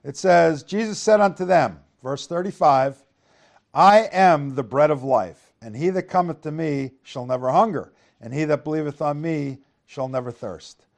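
A man's voice: a little high, normal speed, vocal fry, a little mellow. A man preaching a Bible lesson in a conversational way, reading King James verses aloud and asking his listeners rhetorical tag questions. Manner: reads scripture aloud in King James wording; conversational with frequent restarts. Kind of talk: Bible teaching.

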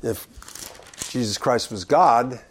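Man, bible teacher, reads verses then explains, loud stresses, low asides, mid-pitched voice. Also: takes it slowly, slight background noise. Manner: reads scripture aloud then explains it conversationally; shifts between loud emphatic stress and low quiet asides. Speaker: preacher.

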